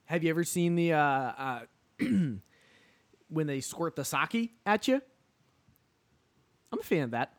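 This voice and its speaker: Animated, rambling podcast co-host man. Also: on the high side, unhurried, long pauses. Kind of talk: casual comedic chat.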